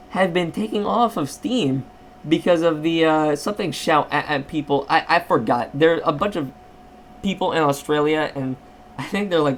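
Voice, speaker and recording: A man's voice: on the high side, slight background noise. A man ranting in a casual vlog, sarcastic and rambling, with frequent restarts. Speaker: channel owner.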